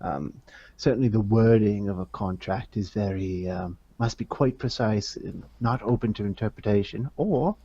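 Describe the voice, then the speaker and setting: A man's voice: fairly low pitch, moderate pace, warm tone, husky, highs cut off. A man voicing a fussy, pompous young nobleman trained in law, hesitant and affected, in a tabletop role-play.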